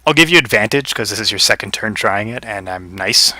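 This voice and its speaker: A man's voice: on the low side, expressive, brisk, sharp tone, no echo. A man narrating as game master in a tabletop game, easygoing and hesitant, with many fillers.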